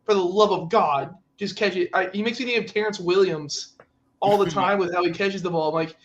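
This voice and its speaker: An excitable, high-voiced man vents about his team in a casual podcast chat, slipping into mock voices as he quotes players. The sound is a little dull and lo-fi, like a home setup. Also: a little fast. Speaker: podcast co-host.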